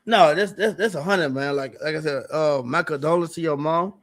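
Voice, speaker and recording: On a livestream, a male guest with a fairly high voice talks casually at normal speed. He rambles and repeats himself, sounding earnest and aggrieved.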